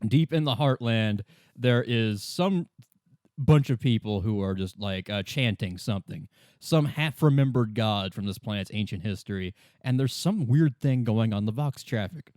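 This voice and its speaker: A man's voice: on the low side, lively intonation, darkish tone, dry recording. Guy on a podcast retelling a book, rambly and giggly, dry close mic. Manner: rambling, laughing, acts out characters in quick voices. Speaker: podcast co-host. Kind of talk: casual retelling of a novel.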